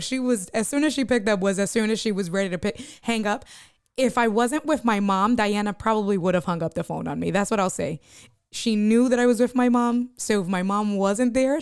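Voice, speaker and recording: A woman's voice: mid-range voice, clear, resonant tone, dry recording, studio quality. A woman live-streaming, chatting casually and joking with her viewers as she reads their comments.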